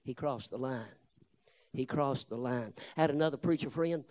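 A man preaching a Baptist sermon, telling folksy stories and moving from low, confiding tones to loud, shouted rebukes. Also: normal speed. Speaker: Baptist pastor. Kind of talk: fiery storytelling sermon.

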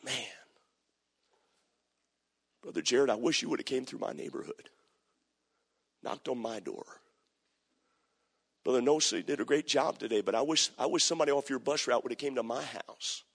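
A male pastor preaching a sermon, moving between hushed storytelling and shouting. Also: medium pitch, animated, normal speed, creaky, pauses often, breathy edge. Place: church sanctuary. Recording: echoey church hall.

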